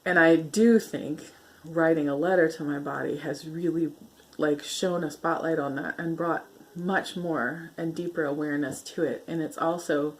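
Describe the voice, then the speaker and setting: A woman talking earnestly to her camera in a personal vlog, halting and soft, getting emotional and laughing gently through it. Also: sits low. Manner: soft, halting delivery with fillers and repeats. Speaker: vlogger sharing her healing story. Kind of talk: heartfelt personal vlog talk.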